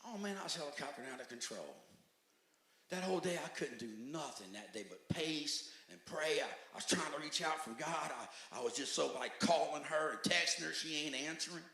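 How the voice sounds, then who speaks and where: A man giving a personal testimony at a church recovery meeting. He tells his story emphatically, swinging between loud outbursts and hushed, low stretches. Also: animated, a little fast, gravelly. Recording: echoey church hall.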